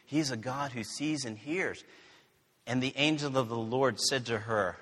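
Slow-talking preacher in an echoing hall. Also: male voice, medium pitch, a bit bright. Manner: earnest, conversational preaching with family stories. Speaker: pastor. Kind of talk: sermon.

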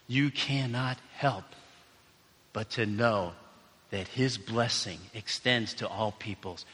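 A man preaching as a pastor, telling a personal story with excited exclamations before leading a prayer in a church. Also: fairly low pitch. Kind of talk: sermon with personal anecdote and prayer. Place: church sanctuary. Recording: long hall reverb.

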